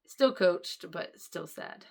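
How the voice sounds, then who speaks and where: Gravelly-voiced woman rambling to camera. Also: on the low side, expressive, slow pace, darkish tone. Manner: rambling, blunt, swears freely, drops to whispers. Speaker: channel host. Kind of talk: casual vlog monologue.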